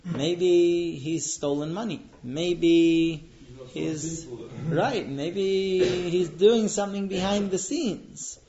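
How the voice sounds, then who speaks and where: A man's voice: high voice, extremely slow, crowd noise, full character voice. A man playing a stern, suspicious Roman governor. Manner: suspicious, commanding. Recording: dull lo-fi recording.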